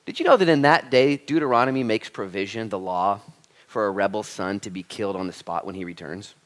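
A male pastor preaching a sermon in church, animated and frank, acting out quoted speech with humor. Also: lowish voice, a little fast. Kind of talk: sermon with storytelling.

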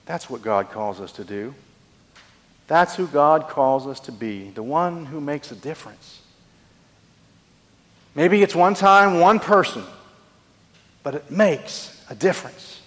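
A man's voice: a little high, expressive, slow, pauses often, a bit bright, in a large hall. A man preaching a sermon, telling a story earnestly and asking rhetorical questions. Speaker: pastor.

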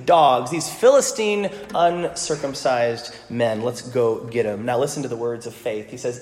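A man's voice: medium pitch, measured pace, hardly any pauses, a little mellow. Jokey preaching man in an echoey hall. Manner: casual, jokey preaching with playful voiced asides. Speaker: pastor. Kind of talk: sermon. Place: church sanctuary. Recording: echoey hall with long reverb.

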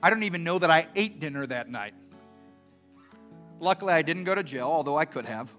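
A middle-aged man preaching a sermon and telling a story. He swings from soft and earnest to loud and animated. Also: a little high, fairly quick, faint music behind. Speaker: pastor.

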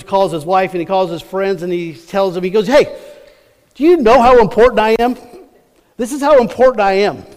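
A man's voice: high-pitched, big-room sound. A man preaching a sermon, retelling a Bible story in a casual, rambling way that often corrects itself. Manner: chatty, rambling, self-correcting.

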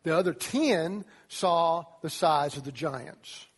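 Guy with a high husky voice giving an animated youth sermon, lots of echo like a big church hall. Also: slow. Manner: animated preaching, acting out quotes in changing voices. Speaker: youth pastor. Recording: long reverb of a large hall.

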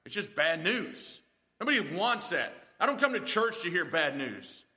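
High-voiced man preaching emphatically. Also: very animated, normal speed, pushed and bright, breathy edge, big-room sound. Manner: emphatic preaching with rhetorical questions. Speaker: pastor. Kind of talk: sermon.

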